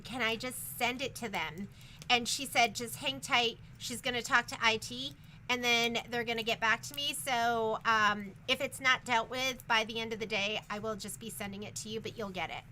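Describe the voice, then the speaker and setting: Bright, chatty woman sewing instructor. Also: on the high side, a little hiss or hum. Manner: chatty, rambling, upbeat. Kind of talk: casual shop update.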